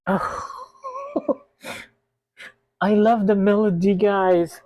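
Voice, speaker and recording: A man's voice: a little high, unhurried, darkish tone, no room sound, dull audio. A man hosting a reaction video, talking casually and emotionally straight to his viewers and gushing over what he hears.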